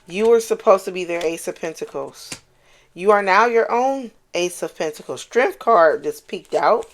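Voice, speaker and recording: Casting a woman as a tarot reader: casual, animated, swears freely, hammers points by repeating them. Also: fairly low pitch, normal speed. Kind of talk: casual channeled tarot reading.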